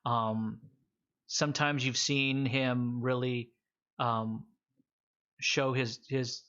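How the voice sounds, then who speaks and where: A man's voice: mid-range voice, little pitch movement, extremely slow, fairly bright tone. Guy running a tabletop rpg, rambly narration, kinda dull lo-fi audio. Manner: loose, rambling narration with many restarts. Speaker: game master.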